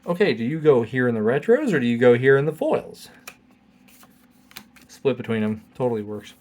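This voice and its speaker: A man's voice: medium pitch, animated, moderate pace, a little mellow. Male host, casual pack-opening commentary, reads cards, wry remarks. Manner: reads card text aloud with wry asides. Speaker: channel host.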